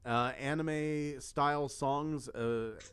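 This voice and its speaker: A man's voice: medium pitch, fairly even intonation, takes it slowly, a bit bright, smooth. A man co-hosting a casual podcast, reading out song lyrics and viewer comments and swearing freely. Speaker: co-host.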